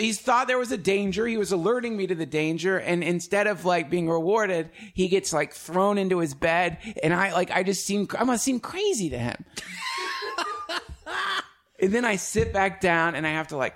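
Man, podcast host, fairly high voice, animated, casual, swears freely. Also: moderate pace. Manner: animated, swearing, laughing often. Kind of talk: casual conversation.

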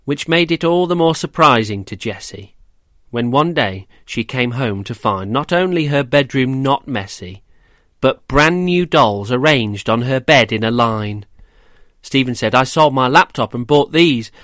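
A man reading a rhyming children's story aloud, gentle and measured, then quizzing children about it. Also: mid-range voice, expressive, no room sound, clean studio sound. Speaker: storyteller and host.

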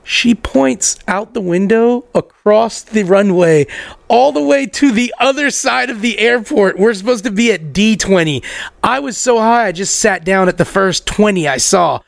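Young male podcast storyteller: high, raspy-edged voice, animated and profane, dry close sound. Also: unhurried, no room sound. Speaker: podcast co-host telling a story. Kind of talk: casual storytelling chat.

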